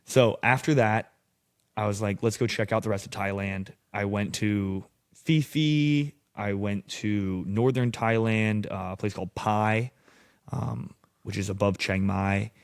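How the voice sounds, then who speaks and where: Gravelly-voiced young man telling wild stories. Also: on the low side, unhurried, no room sound, studio quality. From United States. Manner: casual, profane, animated storyteller. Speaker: podcast guest. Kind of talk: casual storytelling. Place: podcast studio.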